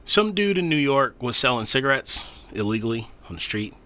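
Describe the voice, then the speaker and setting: Man, podcast co-host. Lively, swinging pitch and a very bright tone. Casual, profane, acts out the quotes. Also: a little fast. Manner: animated storytelling, swearing, laughing, acting out quotes.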